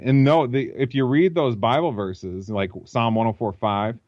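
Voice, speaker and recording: A man's voice: mid-range voice, fairly even intonation, moderate pace, darkish tone, no room sound, highs cut off. A man as an interview guest, thinking aloud and explaining at length over a computer call. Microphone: computer mic.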